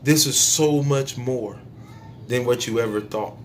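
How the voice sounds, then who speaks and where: A man talks slowly and emphatically in a spiritual preaching monologue. He repeats phrases, stretches words out and now and then sinks to a soft near-whisper. His voice sits at a middle pitch. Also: a little hiss or hum. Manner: emphatic, repetitive, drawn-out phrasing with sudden drops to soft. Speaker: YouTube speaker.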